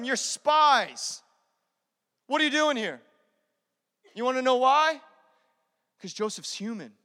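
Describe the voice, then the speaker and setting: A male pastor preaching a sermon in an energetic, conversational way, repeating key phrases. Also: very high voice. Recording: long hall reverb.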